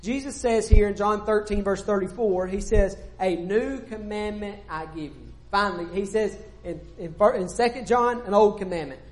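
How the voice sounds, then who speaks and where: A man's voice: high-pitched, moderate pace, few pauses, reverberant, poor audio. A male preacher delivering a sermon, reading scripture aloud and repeating key phrases for emphasis.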